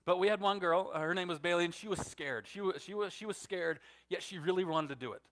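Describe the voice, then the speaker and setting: Guy pastor in his 30s preaching, kinda high voice, gets loud then drops real quiet. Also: quick pace. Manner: storytelling, swings from loud emphatic to hushed and soft. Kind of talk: sermon.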